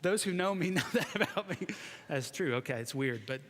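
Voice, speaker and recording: This guest preacher is a man in his forties whose slightly high, bright voice moves a little fast and with plenty of expression. He keeps his sermon conversational and self-deprecating, trading jokes with the congregation as the large church hall's reverb lingers.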